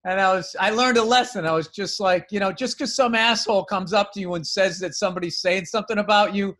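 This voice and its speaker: Blunt, profane man with a high voice. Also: fast talker, a bit bright. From US East Coast. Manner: blunt, profane, self-mocking. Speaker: podcast co-host. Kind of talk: casual storytelling chat.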